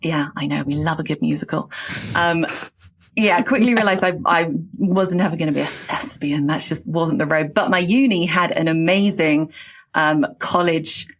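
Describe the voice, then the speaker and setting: A woman's voice: deep voice, moderate pace. A woman from the south of England with an English accent, a broadcaster chatting as a podcast guest and laughing through her stories. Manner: animated, laughing, does lively voices in anecdotes. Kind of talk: casual podcast chat.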